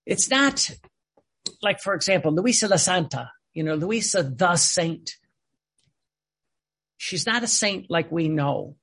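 A man reading aloud and commenting on a spiritual text, telling stories in a digressive, animated way. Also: high-pitched, slow, gravelly, long pauses, husky. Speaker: religious teacher.

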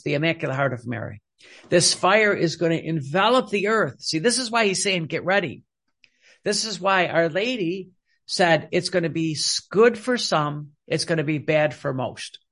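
A man preaching a fervent Catholic sermon, repeating phrases and dropping his voice low on quoted words. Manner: fervent, repetitive, drops to a hushed tone on quoted phrases.

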